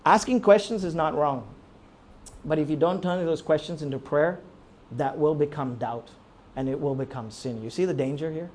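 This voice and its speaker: Male preacher, high voice, impassioned, swings from loud cries to low tones, rhetorical questions. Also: normal speed. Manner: impassioned preaching, rising to near-shouts, then dropping low; asks the congregation rhetorical questions, often ending with "right?". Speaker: pastor. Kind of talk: sermon.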